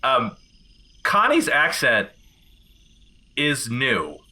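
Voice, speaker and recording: A man's voice: medium pitch, wildly swooping pitch, extremely slow, bright, forceful tone. A man playing in a tabletop game, chatting casually and explaining his character. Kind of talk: casual chat.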